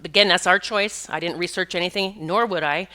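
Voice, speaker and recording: Brisk, bright and forceful, a middle-aged woman speaks in a fairly low voice. She's a podcast host and pet communicator whose casual monologue rambles, with frequent restarts and laughs here and there as she tells stories.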